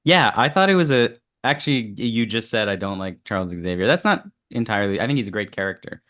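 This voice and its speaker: Wry low-voiced man in a podcast chat. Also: lively intonation, fast talker, fairly bright tone. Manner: thoughtful, wry, laughs often. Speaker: podcast co-host. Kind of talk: casual chat.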